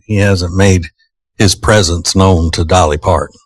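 A man's voice: deep voice, steady tone, a little slow, no room sound. A man co-hosting a morning radio show, teasing his co-hosts and laughing often. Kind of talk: joking morning radio banter.

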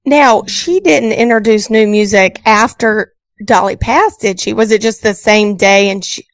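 A woman's voice: mid-range voice, unhurried, no echo. A woman co-hosting a morning radio show, chatting and asking questions.

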